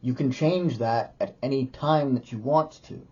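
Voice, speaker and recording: A man talks to camera about his yoga practice in a dark, husky voice, rambling loosely and restarting his thoughts. The sound is dull and muffled. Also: mid-range voice, unhurried. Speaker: yoga teacher and video creator. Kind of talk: casual talk to camera.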